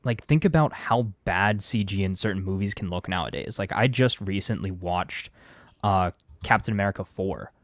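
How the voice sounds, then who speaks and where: A man joining a casual online chat, talking in a lively, animated way. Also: low voice, normal speed, no echo.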